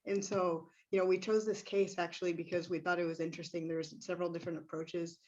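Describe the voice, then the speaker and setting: A hoarse woman presents a case over a video call in a steady, clinical way, her voice fairly flat. The sound is slightly dull, as if passed through a laptop microphone. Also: on the low side. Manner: measured, clinical, with frequent fillers. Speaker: neurosurgery resident presenting a case.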